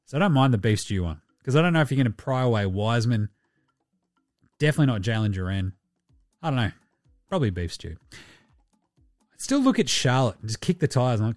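A man's voice: mid-range voice, sing-song, brisk, long pauses, no echo, studio quality, soft background music. An Australian man hosting a podcast, chatting casually and rambling with plenty of swearing and jokes. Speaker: podcast host. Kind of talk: casual sports chat.

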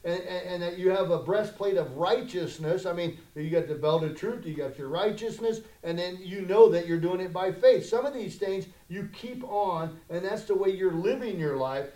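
A male pastor preaching a conversational sermon that swells into loud, emphatic challenges, in a church sanctuary. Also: high-pitched, normal speed, hardly any pauses. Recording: echoey room.

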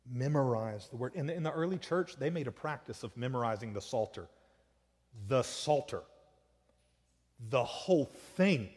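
A man preaching a sermon in a relaxed, conversational way that climbs now and then into excited, emphatic peaks. His voice sits at an ordinary middle pitch. It carries the long reverb of a large church hall. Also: normal speed, slightly rough. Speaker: pastor.

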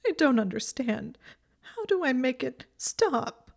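A woman's voice: moderate pace, warm tone, lightly acted. A woman voicing an emotional young witch who sobs and strains her voice through tears. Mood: sobbing. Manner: sobbing, high and strained while crying. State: crying.

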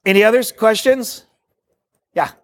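A man with a high voice leads a workshop in a meeting room, talking excitably and jumping from point to point. His delivery is jokey and preacherly, and the sound is dry and close. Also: unhurried, no room sound. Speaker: workshop speaker on discipleship. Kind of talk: live workshop talk to a group. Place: meeting room with a live audience.

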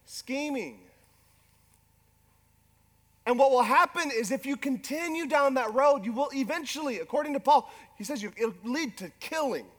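A middle-aged man with a strikingly high voice delivers a sermon. He is animated and quick to poke fun at himself. His words echo with a long reverb through a large church hall. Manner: animated, self-deprecating humor, acts out quoted spouses. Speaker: pastor.

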